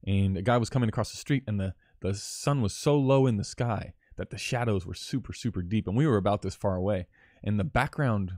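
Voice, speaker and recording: A man's voice: fairly low pitch, a little mellow, no room sound, clean studio sound. A man on a live stream, breaking down film shots in a loose, enthusiastic way, swearing now and then and restarting his sentences. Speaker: cinematographer teaching on a live stream. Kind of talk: casual live-stream critique.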